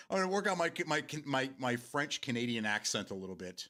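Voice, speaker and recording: A man's voice: medium pitch, brisk, pushed and bright. An American man hosting a live stream, chatting casually with viewers in a rambling way and laughing often. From United States.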